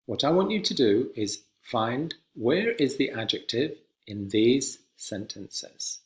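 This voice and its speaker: A man teaching a basic English grammar lesson, speaking slowly and clearly and repeating examples for learners. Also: medium pitch, sing-song. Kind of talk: classroom lesson.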